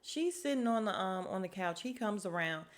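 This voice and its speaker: A woman's voice: mid-range voice, expressive, moderate pace. A young woman from Chicago hosting a podcast, giving a blunt, sassy recap of a reality dating show and talking straight to her listeners. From Chicago, USA. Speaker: podcast host.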